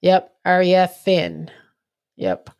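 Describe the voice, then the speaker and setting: This is a young woman with a slightly low-pitched voice. She hosts a relaxed sports livestream in a loose, chatty way, reading viewer comments aloud and correcting herself as she goes. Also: extremely slow, clear, resonant tone, highs cut off. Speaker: livestream host. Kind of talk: casual sports chat livestream.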